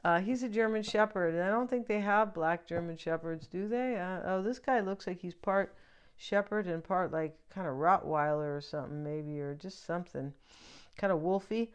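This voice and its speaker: A woman's voice: on the low side, moderate pace, clear, resonant tone. A woman giving a casual tarot reading, chatty and joking, with lots of fillers and asides to the viewer. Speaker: tarot reader.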